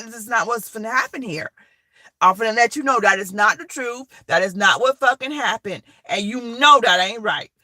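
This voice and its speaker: Woman, blunt casual storytelling, high bright voice, dry close sound. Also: no echo. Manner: blunt, animated, profane.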